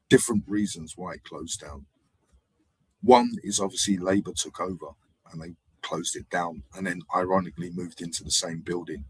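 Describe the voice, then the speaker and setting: A man hosting a live stream, telling rambling, animated anecdotes in casual street slang. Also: sits low, breathy edge, dry recording. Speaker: livestream host. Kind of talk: casual livestream storytelling.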